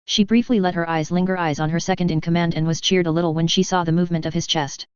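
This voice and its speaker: Fast fanfic reader, very clear crisp voice, dull lo-fi sound. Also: medium pitch, fairly even intonation, no echo. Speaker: audiobook reader. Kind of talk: reading fan fiction aloud. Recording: dull lo-fi recording.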